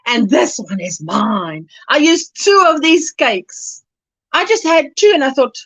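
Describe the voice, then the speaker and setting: A woman's voice: sits high, very animated, a little slow, fairly bright tone, no echo. A woman from South Africa hosting a casual crochet livestream, chatty and affectionate, laughing often and calling viewers sweetheart. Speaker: livestream host.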